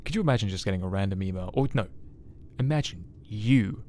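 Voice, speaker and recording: Low-voiced guy in his 20s streaming a game, joking around with chat, a bit of background hiss. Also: expressive, fairly quick, darkish tone. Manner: joking, self-mocking banter with chat. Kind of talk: casual live-stream chat while playing.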